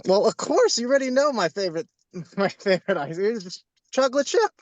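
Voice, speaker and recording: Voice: medium pitch, animated, fairly quick, dry recording, muffled recording. An acting talent playing a brother in an improv scene, who sounds eager and stammers.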